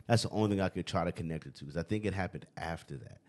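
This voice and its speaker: A man's voice: sits low, very fast, darkish tone. A young man hosting a casual podcast, rambling and swearing, always adding "you know what I mean". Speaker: podcast host.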